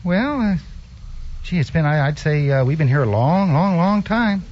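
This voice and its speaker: An actor playing a nervous, evasive husband who stammers and hesitates, in a radio drama. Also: male voice, on the high side, lively intonation, normal speed, lightly acted. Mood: flustered. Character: nervous evasive male time traveler, husband. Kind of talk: 1940s radio acting. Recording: dull lo-fi radio recording, faint hiss.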